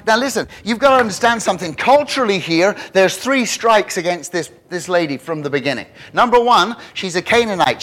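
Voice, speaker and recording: A man preaching a sermon, animated and emphatic, with frequent restarts. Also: high voice. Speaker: pastor.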